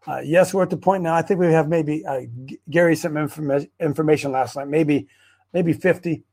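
A man hosting a casual livestream, rambling and excitable, stopping and restarting his sentences. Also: a little high, brisk. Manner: rambling, excitable, self-interrupting. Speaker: host of a preparedness group show. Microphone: webcam on a wobbly stand.

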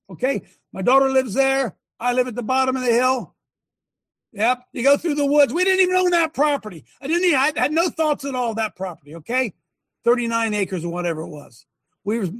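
A man's voice: very high-pitched, a bit bright, no echo. An older man and former coach giving a sermon-like testimony, telling it emphatically with many repeats and restarts. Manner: breaks off to direct a helper at a screen.

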